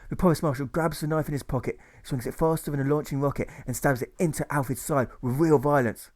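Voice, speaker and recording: A man's voice: medium pitch, brisk. A man narrating his own rhyming novel as an audiobook, reading rhythmically and stressing the rhymes.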